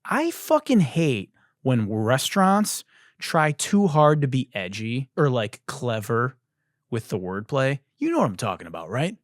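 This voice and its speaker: Man, comedy podcast host, mid pitch, very lively intonation, profane ranting, dry close mic. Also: a little slow, dry recording. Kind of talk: comedic monologue.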